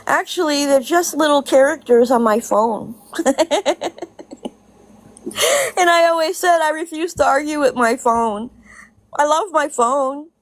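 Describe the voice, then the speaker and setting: Here a high-pitched woman, recorded without any room sound, rants casually on her vlog. This social media commentator is blunt and profane, hammering her points through repetition and laughing in between.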